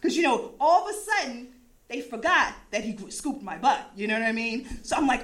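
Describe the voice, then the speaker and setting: A woman from the East Coast of the USA telling a personal story in a casual, animated way, laughing often and swearing freely. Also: a little high, normal speed.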